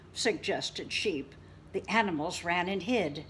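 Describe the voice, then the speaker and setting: A woman reading a picture book aloud to children in an animated, expressive way, sometimes dropping to a whisper. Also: fairly low pitch, slow pace, a little hiss or hum. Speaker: children's storyteller.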